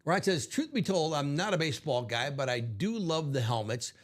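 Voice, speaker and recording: A man's voice: on the high side, very animated, moderate pace. A man hosting a live card-break stream, upbeat and chatty in a casual way.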